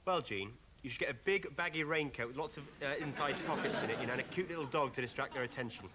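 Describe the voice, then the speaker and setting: A man hosting a comedy show, reading viewer letters aloud in a dry, deadpan way. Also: medium pitch, fast talker, very noisy.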